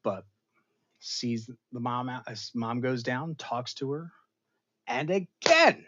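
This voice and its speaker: A man hosting a casual pop culture show, retelling a TV episode in an animated, rambling way with big jumps in pitch and loudness. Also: slow, slight background noise. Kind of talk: casual episode recap livestream.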